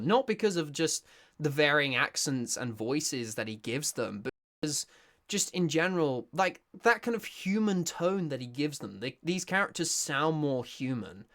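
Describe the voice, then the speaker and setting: A British voice actor from Britain giving casual, excitable reaction commentary with many restarts. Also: mid-range voice. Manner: excitable, gushing, stumbling restarts.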